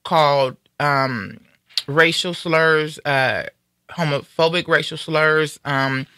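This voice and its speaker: This is a woman ranting on a talk radio show, angry, emphatic and defiant. Her voice is bright and sharp. The sound is dry and close. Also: low-pitched, slow pace, clear, resonant tone, no room sound. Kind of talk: heated talk radio rant.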